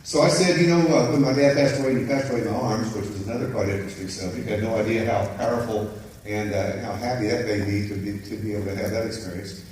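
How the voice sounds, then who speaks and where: A man's voice: on the low side, fairly even intonation, quick pace, a little mellow. A middle-aged man, a motivational speaker, telling a personal story to a group in a chatty way, often checking in with "right?". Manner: personal, anecdotal, frequent "right?" check-ins. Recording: echoey room, distant mic, faint noise.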